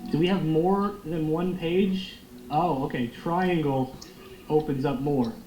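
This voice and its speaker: A young man giving loud, excitable, profane commentary while playing a football video game. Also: on the high side, takes it slowly. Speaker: gaming streamer. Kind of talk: live gameplay commentary. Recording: echoey room with faint noise.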